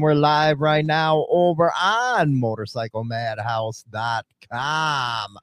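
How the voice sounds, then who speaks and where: A man's voice: fairly high pitch, takes it slowly, hardly any pauses, fairly bright tone. A man hosting a podcast in casual chat, joking and teasing his co-host with plenty of swearing.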